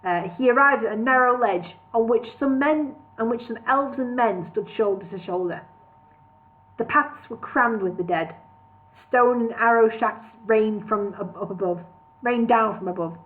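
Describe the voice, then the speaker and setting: A woman's voice: on the high side, normal speed. A woman reading a parody fantasy novel aloud as a storyteller, catching and correcting small slips as she goes. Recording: tinny phone-like sound.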